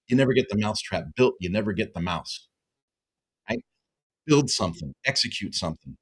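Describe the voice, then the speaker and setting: A man who runs a web design business, giving an excited, emphatic pitch to viewers and calling them folks over and over. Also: no echo, poor audio. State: excited, half-yelling. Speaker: web design agency owner and coach. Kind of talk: energetic direct-to-camera pitch.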